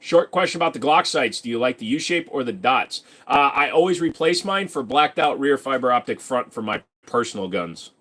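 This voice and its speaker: A man's voice: mid-range voice, lively intonation, brisk, hardly any pauses, a bit bright. A young man hosting a casual live stream, reading questions from chat aloud and answering them in a rambling, joking way.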